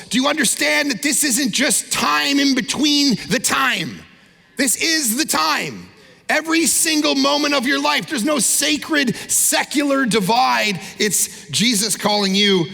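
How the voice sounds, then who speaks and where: A middle-aged male pastor preaching with a high, gravelly, forceful voice, punching his points hard. His sermon carries a long reverb, as if it fills a large church hall. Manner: emphatic, swings from loud exhortation to low intense asides.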